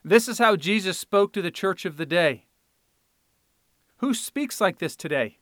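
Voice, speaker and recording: A man preaching a sermon, swinging from quiet explanation to loud, fiery scripture reading. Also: high-pitched, animated, measured pace, long pauses, dry recording, clean studio sound.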